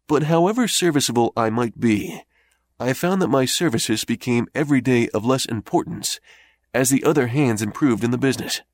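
A man narrating an old first-person memoir in a measured, steady reading voice. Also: medium pitch, no room sound. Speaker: audiobook narrator.

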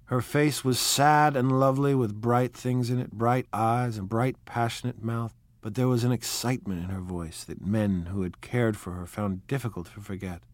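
A man reading a novel aloud in a measured, quietly expressive narration. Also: on the low side, no room sound. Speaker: audiobook narrator.

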